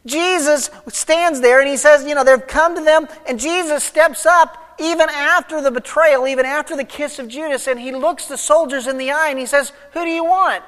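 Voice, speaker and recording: A man's voice: extremely high pitch, fairly even intonation, moderate pace, few pauses, a bit bright, in a large hall. A man preaching an expository sermon, retelling the story vividly and putting rhetorical questions to his listeners. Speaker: pastor.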